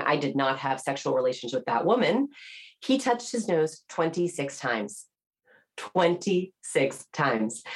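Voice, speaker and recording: A woman with a low-pitched voice talks through research as an interview guest. She explains briskly and with animated emphasis, often slipping into playful quoted voices to show an example. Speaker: author and body language researcher. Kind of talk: podcast interview.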